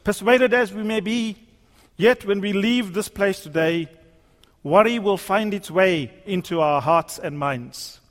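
Male preacher, high voice, emphatic, repetitive rhetoric, echoing church sermon. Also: measured pace. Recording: long hall reverb.

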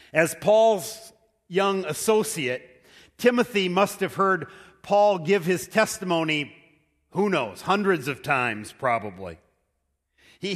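A man's voice: on the high side, a bit bright. A male pastor preaching a sermon in a storytelling manner, posing rhetorical questions, recorded in a church with long hall reverb.

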